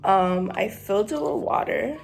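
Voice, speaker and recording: A woman's voice: mid-range voice, animated, moderate pace, gravelly, faint music behind. A young woman chatting casually to her camera as a vlogger, giggly and full of fillers, with a stuffy nose from allergies. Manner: giggly, talks with lots of fillers. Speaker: vlogger pranking her boyfriend.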